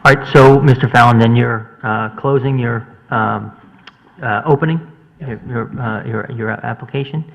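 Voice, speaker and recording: A man with a gravelly, creaky voice chairs a town public hearing, hesitant and full of fillers but accommodating. His voice carries a long reverb through a dull, lo-fi broadcast feed. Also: medium pitch, steady tone, normal speed.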